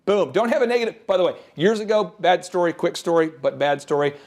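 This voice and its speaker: Animated high-voiced man coaching. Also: fast talker. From American Midwest. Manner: animated, acts out sales pitches. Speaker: host, business coach. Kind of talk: energetic business advice talk.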